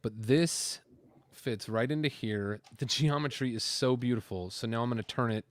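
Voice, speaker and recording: A man's voice: medium pitch, normal speed, dry recording. Guy rambling casually while building lego, lots of ums, normal mid voice. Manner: chatty, rambling, with many fillers. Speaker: host building LEGO on camera.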